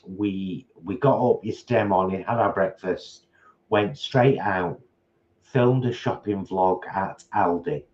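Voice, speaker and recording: A man's voice: fairly low pitch, darkish tone, lo-fi sound. A man, co-hosting a casual live stream from home and rambling chattily through his day. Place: home, at a table.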